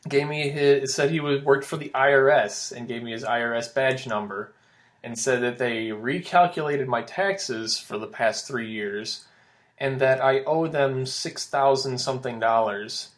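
A man's voice: medium pitch, unhurried. Man, young adult, podcast co-host, rambling, filler-heavy storytelling. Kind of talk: casual podcast chat.

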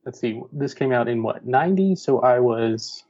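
A man in his forties, a podcast guest, chatting in a relaxed, amused way. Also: mid-range voice, moderate pace, highs cut off. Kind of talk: casual chat.

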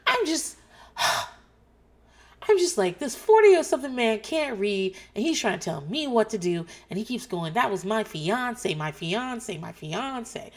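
A woman's voice: a little high, expressive, unhurried, voice pushed up. A woman imitating her blunt, easily annoyed mother in an indignant, complaining tone. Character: exasperated older mother, blunt and fixated.

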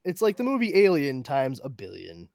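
A man co-hosting a casual podcast, retelling a horror comic in an animated way with quick asides. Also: mid-range voice, creaky, no room sound, clean studio sound. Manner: animated storyteller, quick asides, laughs often. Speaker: podcast co-host. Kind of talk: casual comic book review chat.

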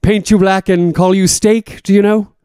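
A man's voice: high-pitched, little pitch movement, moderate pace, dark tone, clean tone, no echo, clean studio sound, natural voice. A man voicing a prim, pompous older escapee with fussy, over-refined phrasing. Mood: prissy, cold.

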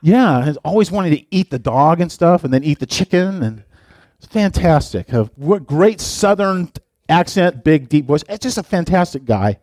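A man's voice: a little high, lively intonation, normal speed, darkish tone, no room sound, studio quality. A middle-aged man, a pastor, giving a playful, chatty sermon and talking directly to his listeners. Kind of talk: casual sermon.

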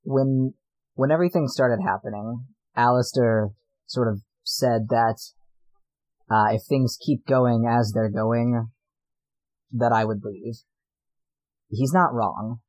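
A man's voice: medium pitch, fairly even intonation, slow, long pauses, darkish tone, natural voice, poor audio. A man voicing a reserved young loner who speaks hesitantly during a tabletop role-play. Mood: quiet. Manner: hesitant, musing.

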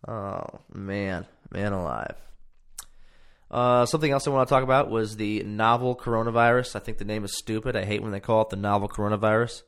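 A man's voice: lowish voice, fairly even intonation, brisk, a bit bright, clear, resonant tone. Rambling, profane podcast guy. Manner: rambling, profane, self-mocking. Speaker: podcast host. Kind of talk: casual solo podcast monologue. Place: home podcast room.

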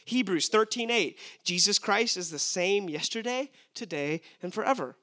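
A man's voice: high voice, expressive, normal speed, hardly any pauses, bright, forceful tone. A young man preaching a sermon, emphatic and asking his listeners rhetorical questions.

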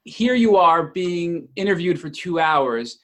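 A male interviewer puts calm, measured questions to his guest and moves the story along. His voice sits a little high for a man.

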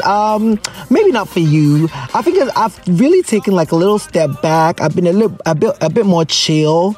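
A man's voice: fairly high pitch, darkish tone, slightly rough. A man with a Ghanaian accent hosting a podcast from his closet at home, chatting casually and joking, slipping into local slang. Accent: Ghanaian English. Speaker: podcast host. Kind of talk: casual chat.

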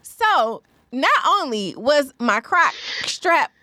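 A woman in her thirties, a podcast co-host, telling a profane, animated story in casual chat and acting out the lines of the people in it. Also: high voice, slow pace, dry recording, clean studio sound. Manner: profane, animated storyteller who acts out quotes. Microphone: studio microphone.

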